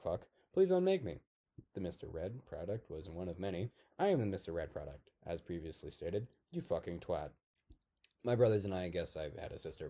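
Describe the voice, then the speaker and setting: A man voicing an unhinged artificial toy man who is bitter and volatile. He rambles and swears, swinging between low mutters and sudden shouts in a dark comic monologue.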